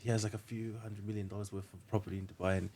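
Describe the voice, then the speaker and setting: A man's voice: lowish voice, little pitch movement, racing, mellow, a little hiss or hum. A man, a podcast guest, telling stories earnestly in a casual way, often saying "like". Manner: earnest storyteller, says "like" and "mate" a lot.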